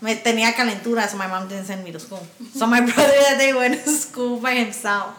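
A woman's voice: fairly high pitch, fairly even intonation, brisk, a bit bright. A woman casually telling a story in a profane, laughing way, slipping in Spanish phrases. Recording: roomy echo.

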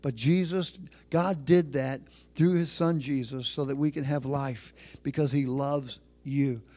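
Delivering a sermon to his church, a middle-aged pastor speaks emphatically, repeating phrases and slowing on the important lines. His voice is medium-pitched, steady and mellow.

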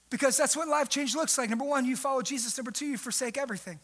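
Young male pastor, very high bright voice, lively preaching with sharp jumps in pitch and volume. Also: quick pace, hardly any pauses. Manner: animated preaching, jumps pitch and volume for emphasis, mimics people. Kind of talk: sermon.

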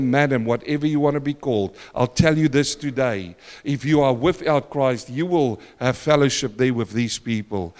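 A man preaching a sermon in a church, dramatic and repetitive, swinging between loud outbursts and hushed asides. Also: mid-range voice, big-room sound.

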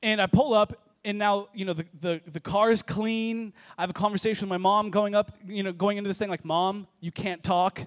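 A man preaching a lively sermon to a congregation, telling funny stories. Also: sits high, brisk, hardly any pauses. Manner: energetic, joking storyteller. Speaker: pastor. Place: church service with congregation.

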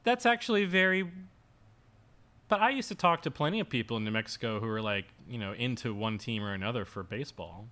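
A young man chatting on a podcast with a bright, forward tone. He rambles through his story, packing it with "like" and "um," circling back and restarting as he goes. It's loose, easygoing banter between co-hosts. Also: medium pitch, animated, brisk. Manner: rambling, filler-heavy storytelling with frequent laughs. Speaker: podcast co-host. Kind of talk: casual chat.

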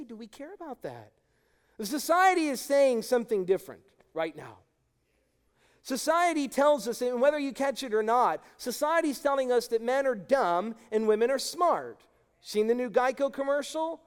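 A middle-aged male pastor preaching an emphatic, impassioned sermon to his congregation. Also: very high-pitched. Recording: long hall reverb.

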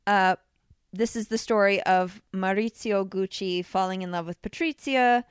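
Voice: mid-range voice, measured pace, smooth, dry recording, clean studio sound. A woman co-hosting a podcast, chatting casually about a movie with lots of fillers and laughter. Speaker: podcast co-host. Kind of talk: casual film review chat.

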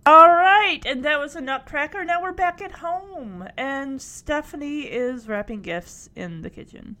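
A woman recapping a TV show in a casual vlog, animated and laughing often. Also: high-pitched, a little slow.

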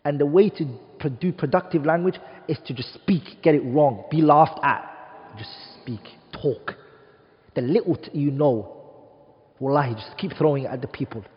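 A man's voice: a little high, moderate pace. A man from the UK lecturing an Arabic studies class, emphatic, posing rhetorical questions to the room and dropping Arabic terms into his English. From United Kingdom. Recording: dull, reverberant classroom recording.

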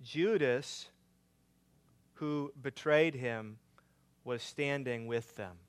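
A man preaching a sermon, swinging between loud emphatic lines and quiet hushed ones. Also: medium pitch, drawn-out words, smooth. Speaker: pastor.

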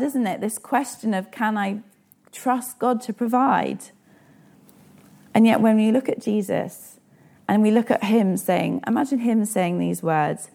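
A woman's voice: a little high, measured pace, creaky, warm tone. A woman in her thirties preaching a sermon in an earnest, personal way and asking the listeners direct questions.

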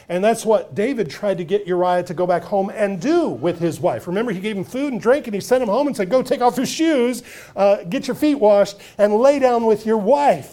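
High-voiced, expressive male preacher. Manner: expressive, swinging between hushed asides and loud emphasis. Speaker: pastor. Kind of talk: sermon.

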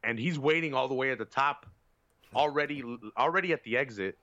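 A man's voice: medium pitch, fairly quick, sharp tone, no room sound, highs cut off. A man on a podcast telling a long, profane, rambling story in casual chat, with lots of fillers. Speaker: podcast co-host.

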